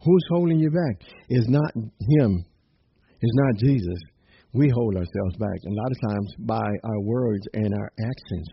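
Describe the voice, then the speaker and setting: A man preaching a sermon in a lively, conversational way, often saying amen and chuckling between points. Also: on the low side, measured pace, gravelly. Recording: dull lo-fi recording with faint noise.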